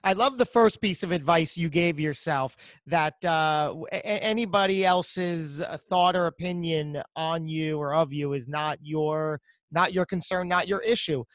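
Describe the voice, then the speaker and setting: Male podcast host, slow deliberate delivery, dry close sound. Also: a little high, a bit bright, no echo. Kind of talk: interview questions.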